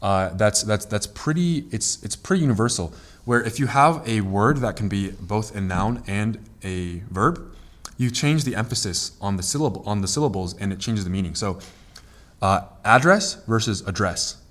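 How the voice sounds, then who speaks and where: Low-ish guy rambling on a podcast, lots of restarts, explaining stuff. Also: normal speed. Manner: rambling, many restarts and repeated words; explaining at length. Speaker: podcast co-host. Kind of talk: casual chat.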